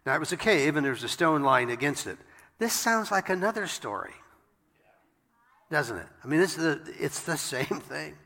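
A man delivers a sermon, reading scripture and stopping to add wry, conversational asides. His voice is gravelly with a bright, forceful edge. The sound carries the long reverb of a large room. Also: on the high side, sing-song, moderate pace. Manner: reads scripture aloud and breaks in with wry asides. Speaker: pastor.

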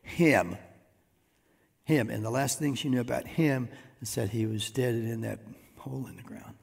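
A man preaching a sermon as pastor, swinging between hushed asides and loud emphatic bursts. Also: mid-range voice, normal speed, creaky, husky. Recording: long reverb of a church hall.

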